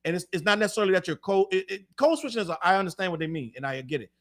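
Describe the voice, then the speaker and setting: A man co-hosting a podcast in casual chat, rapid and animated, cursing freely and repeating words as he restarts. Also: high-pitched. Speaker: podcast co-host.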